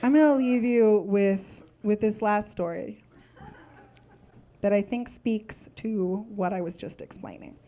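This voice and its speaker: A woman's voice: mid-range voice, a little slow, dark tone, some chatter behind. A young adult woman performing a stand-up comedy set, talking in a chatty way full of "like" fillers.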